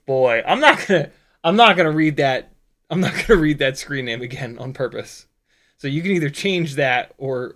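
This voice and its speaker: A man's voice: fairly high pitch, vocal fry, fairly bright tone. Rambling, jokey man hosting a live stream. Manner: rambling, profane, jokey, stumbles over words. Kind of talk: casual live stream chat.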